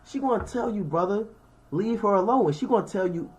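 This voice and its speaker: Fast and lively in intonation, this man's voice sits high. He gives an informal scripture teaching, reading out verses and breaking them down with everyday examples in conversational slang, pausing to check in with those listening.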